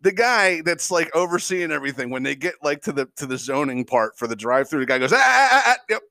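Talking fast in a medium-pitched voice, a middle-aged host rants comedically on his podcast with no echo on the recording. He curses heavily, laughs a lot, and tells his stories animatedly.

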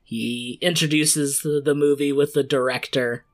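A game master narrating an improvised comedy tabletop scene, laughing often between quick asides. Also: mid-range voice, fairly even intonation.

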